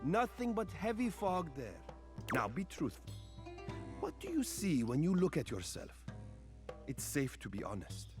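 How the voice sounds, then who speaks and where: A man voicing a smooth, flattering mirror figure who coaxes the listener gently, in a video game. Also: fairly high pitch, unhurried, pauses often, music in the background. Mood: coaxing. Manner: soothing, flattering, gently probing.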